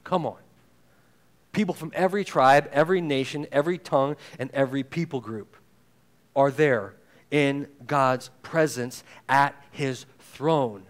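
A man preaching a sermon in a conversational way, acting out quoted voices and moving between loud emphasis and hushed intensity. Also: medium pitch, unhurried. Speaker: pastor.

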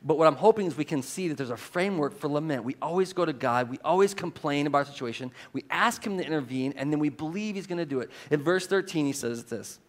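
A man preaching a sermon as pastor, reading scripture aloud with strong emphasis and an animated delivery. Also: a little high, fast talker, few pauses.

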